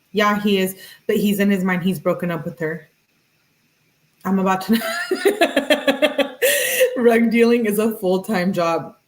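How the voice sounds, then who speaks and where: A woman hosting a true-crime video, giving casual and blunt commentary. She swears freely and drops Spanish words into her speech. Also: medium pitch. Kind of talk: casual commentary reading out text messages.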